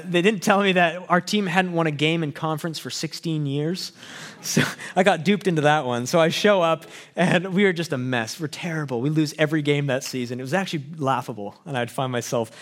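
A young man from Canada gives a personal testimony in a casual, earnest voice that sits a little high for a man. He talks the way people talk, with plenty of fillers and restarts, and a self-deprecating, conversational warmth. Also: brisk. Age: young adult. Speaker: pastoral student sharing testimony.

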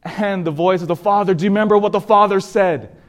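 A man giving an emotional sermon testimony, pleading, with halting repetitions as he tells his story. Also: sits high.

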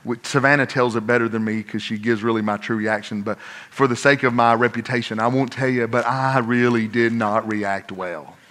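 A man preaching a sermon, telling a personal story, moving between hushed asides and loud, emphatic points. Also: medium pitch. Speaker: pastor.

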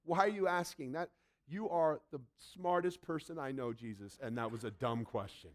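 A man's voice: fairly high pitch, normal speed, close to an everyday voice. A man voicing exasperated disciples.

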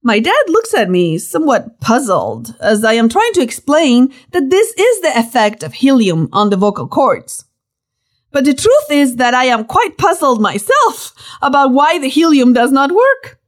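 A woman narrates a personal story in a high voice that rises and falls a lot. She tells it with playful, lively emphasis, the way someone reads their own book aloud. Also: measured pace. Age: young adult.

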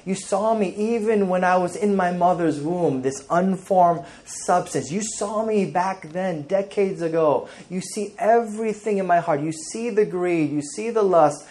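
A man's voice: sits high, moderate pace, few pauses, darkish tone. A male pastor preaching an emphatic sermon, reading scripture aloud and speaking directly to the congregation.

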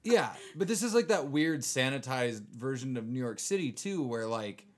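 Man podcast co-host, mid-pitched, wry critique, halting casual chat. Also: lively intonation. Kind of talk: casual chat recapping a TV show.

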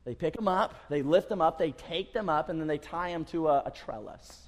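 A man's voice: a little high, brisk. A man preaching a sermon in a church, emphatic and repetitive, stressing his points again and again. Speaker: pastor. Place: church sanctuary. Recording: long church reverb.

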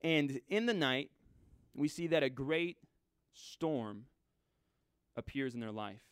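A man preaching a sermon in a conversational way, swinging from loud, urgent lines to hushed ones. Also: mid-range voice, animated, slow, clean tone, dry recording, studio quality.

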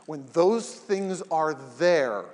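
A man with a fairly high voice teaches an evening class, earnest and emphatic, slipping into little acted-out quotes to make his points. His voice rings with a long reverb from the large hall around him. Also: big pitch swings, drawn-out words, a little mellow. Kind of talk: live talk to a class, later posted as a podcast.

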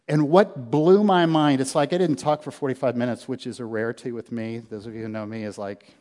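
A man preaching a sermon as pastor, telling a story in an animated way, with loud bursts that drop to hushed low lines. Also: quick pace, few pauses. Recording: long hall reverb.

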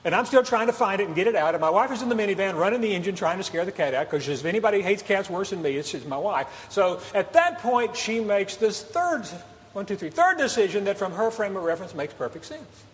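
A high-voiced male preacher spins a comic story for his congregation, acting out the meows and shouts in it. His voice rings through a large hall with a long reverb, and a faint hum of ambience sits under it. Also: sing-song, quick pace. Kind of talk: storytelling sermon.

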